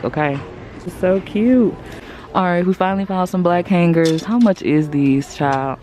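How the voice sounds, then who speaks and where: A young woman tells stories in a casual vlog. She talks into a handheld phone from her car and a store aisle. She is chatty and animated, slipping into playful voices for the people she quotes. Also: low voice, background noise. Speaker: vlogger.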